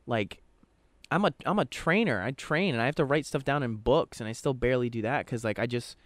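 This podcast co-host speaks at a brisk pace in a mid-range voice, with no echo. He rambles casually, swears often, and quotes other people in his own voice.

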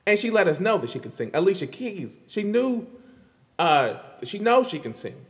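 A man hosting a podcast, chatting in a loose, animated way about pop music, with lots of fillers and frequent laughs. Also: sits high, moderate pace, big-room sound. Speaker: podcast host. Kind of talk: casual pop-culture commentary.

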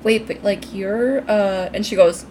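A woman's voice: medium pitch, a little slow, dark tone, a little hiss or hum. A woman co-hosting a casual podcast, chiming in with agreement and casual swearing. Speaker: podcast co-host. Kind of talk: casual chat.

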